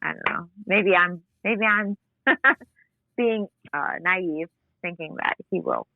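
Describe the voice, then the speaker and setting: A young woman co-hosting a talk show, chatty and animated, swearing freely. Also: on the low side, takes it slowly, no echo. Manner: animated, swearing, laughing often. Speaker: co-host. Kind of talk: casual chat. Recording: dry, phone-like line.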